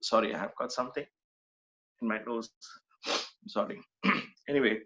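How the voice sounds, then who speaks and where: Bright and forceful, a medium-pitched male voice moves at normal speed through an earnest devotional talk full of repeated lines and rhetorical questions. The speaker is a middle-aged spiritual speaker from Mumbai, India, heard on a dull lo-fi recording.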